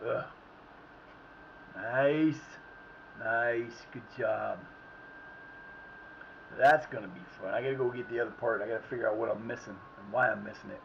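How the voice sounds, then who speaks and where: A man's voice: mid-range voice, gravelly. Rambling man muttering over a game stream. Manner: rambling, muttering to himself, reacting loudly to plays. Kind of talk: casual live-stream commentary. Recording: slightly muffled with faint background noise.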